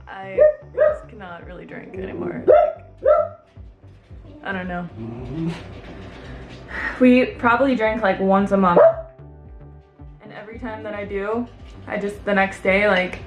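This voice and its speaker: A woman chatting casually in a vlog at home, upbeat and peppered with "like". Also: medium pitch. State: a little out of breath. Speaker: vlogger. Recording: noisy background.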